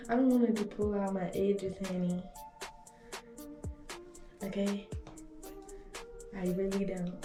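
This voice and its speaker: A woman's voice: mid-range voice, far from the mic. A young woman vlogging casually at home, chatty and nervous, swearing and laughing to herself as she works. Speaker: beauty vlogger. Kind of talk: casual vlog talk to camera. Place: indoor room at home. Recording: echoey room, off-mic, music behind.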